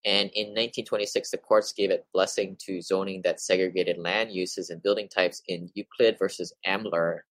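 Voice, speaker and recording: On a dry, rough recording, a low-pitched man speaks at a normal speed with few pauses and fairly even intonation. He's hosting a real estate investing program, reading article passages aloud and following them with casual opinions, occasionally tripping over words.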